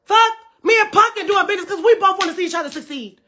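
Woman streamer, very high voice, heated profane live rant. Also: racing, bright, forceful tone. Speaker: livestreamer. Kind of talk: livestream rant.

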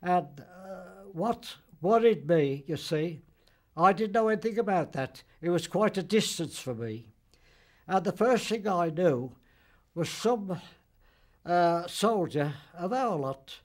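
Casting: very old man, veteran interviewee, halting and fairly high-voiced. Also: animated, darkish tone. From Birmingham, England. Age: older, about 90s. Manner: halting, repeats words, old-fashioned dialect grammar. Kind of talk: spoken recollection in interview.

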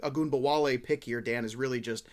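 A man hosts a casual fantasy football podcast and talks at a rapid clip. He is brisk, teases his co-hosts, and keeps his pitch in the middle range. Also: steady tone. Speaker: podcast host.

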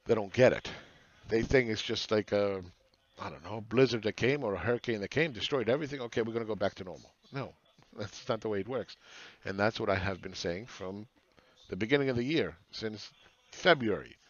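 A man's voice: on the low side, moderate pace, highs cut off. A man hosting a casual monologue on the economy, talking bluntly with profanity and rhetorical questions. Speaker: market analyst host.

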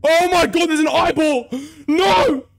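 A man's voice: extremely high pitch, measured pace, creaky, faint music behind. A young man giving panicky, swearing commentary while playing horror games, jumping between fear and mocking jokes. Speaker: gaming video creator.

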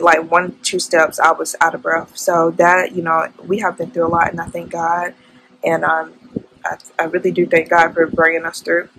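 Young woman vlogging from home, kinda low and creaky, talks about faith and gets emotional. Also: fairly bright tone, a little hiss or hum, poor audio. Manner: emotional, faith-filled testimony. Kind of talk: casual vlog chat.

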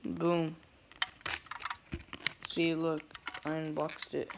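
A woman's voice: deep voice, level tone, extremely slow, creaky, background noise. A woman casually unboxing toys, rambling and hesitant with many fillers, recorded on a phone in a small room with the door shut. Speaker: toy unboxing vlogger.

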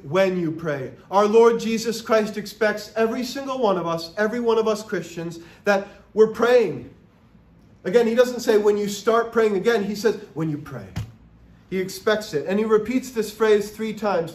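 A man with a high voice preaches to his congregation in a slow, deliberate cadence. He is earnest and emphatic, leaning on rhetorical questions. The sound rings in a roomy church sanctuary. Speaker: pastor. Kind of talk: sermon.

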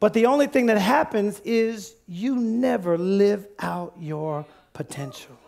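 A man preaching a sermon as pastor of a church, calling out questions to the congregation and rising to shouts as he reads scripture. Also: high voice, unhurried, vocal fry. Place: church sanctuary.

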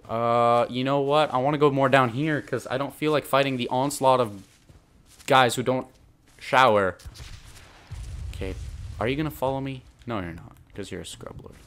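A young man commentating his own gameplay, excitable and frustrated, swearing and talking back to enemies on screen. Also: medium pitch. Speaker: gaming channel host.

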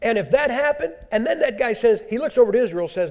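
Blunt, high-voiced preacher. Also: male voice, animated, quick pace, hardly any pauses, a little mellow. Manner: blunt, emphatic, folksy. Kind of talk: sermon.

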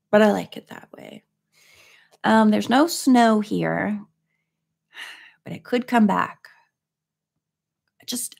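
A woman chatting casually between chapters of a read-aloud, rambling through gentle asides. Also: mid-range voice, gravelly. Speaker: vlogger reading a book aloud. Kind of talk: casual chat.

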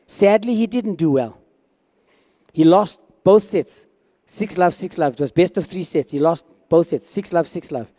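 A man's voice: high voice, normal speed, darkish tone, in a large hall. A man preaching a sermon as pastor, talking conversationally and acting out quoted dialogue.

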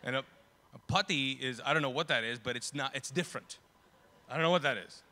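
A man preaching a sermon as pastor in a conversational way, often restarting and correcting himself, and growing loud and lively when he tells stories. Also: mid-range voice, fast. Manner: grows loud and animated when telling stories.

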